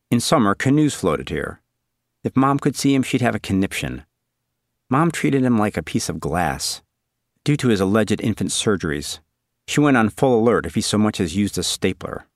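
A man narrating an audiobook in a dry, deadpan, wry manner. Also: on the low side, no room sound.

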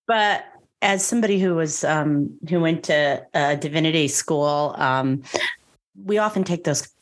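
A woman hosting an interview, talking in a measured way with hesitant fillers. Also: low voice. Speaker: host. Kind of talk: conversational interview.

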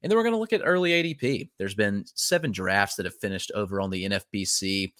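Man, Southern US accent, podcast host, lowish voice, dry close sound. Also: fast talker, fairly bright tone, no echo. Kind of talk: casual chat.

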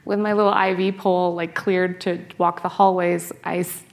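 A woman in her thirties from North America, a scholar and author telling stories in an interview, animated, laughing and restarting her sentences often. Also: on the low side, moderate pace, gravelly. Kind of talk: conversational interview.

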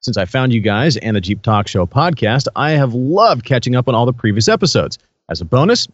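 A man's voice: medium pitch, a little fast, few pauses, no echo, highs cut off. A man co-hosting a casual podcast, reading listener reviews aloud with frequent laughs. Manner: lively, laughs while reading. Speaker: podcast co-host.

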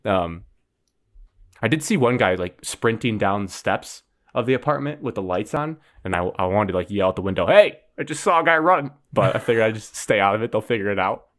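Young male podcast host, low voice, rambling anecdotal delivery. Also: brisk. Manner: rambling, filler-heavy, animated retelling. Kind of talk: casual storytelling chat.

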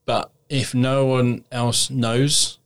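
A man hosting a podcast conversation, calm, earnest and plain-spoken. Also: medium pitch, very slow. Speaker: podcast host.

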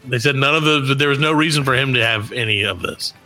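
A man's voice: medium pitch, quick pace, sharp tone, soft background music. A man co-hosting a podcast, recapping a news story in casual comedic chat with goofy asides. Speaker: podcast co-host.

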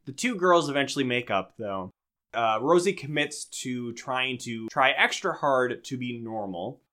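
Bright-voiced rambling young man. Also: medium pitch, animated, measured pace. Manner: rambling, self-deprecating storytelling. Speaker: podcast co-host. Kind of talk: casual chat.

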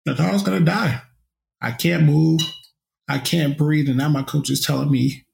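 A man's voice: mid-range voice, steady tone, brisk, creaky, darkish tone. A young man, a former college football player, telling his story in an interview in an upbeat, reflective way.

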